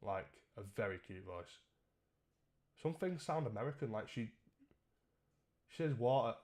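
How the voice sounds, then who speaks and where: A man's voice: medium pitch, animated, measured pace, pauses often, a little mellow. A man chatting casually and jokingly with his live-stream chat, swearing freely.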